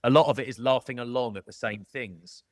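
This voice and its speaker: A man's voice: medium pitch, brisk, dry recording. Matey man, dry close sound. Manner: jokey, matey, calls people mate. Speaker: podcast guest, former rugby player. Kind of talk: casual storytelling chat.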